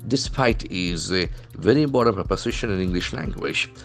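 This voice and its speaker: A deep-voiced English language trainer speaks expressively and a little fast, with faint music in the background. Working from the newspaper, he spells out words letter by letter and explains their pronunciation and meanings step by step.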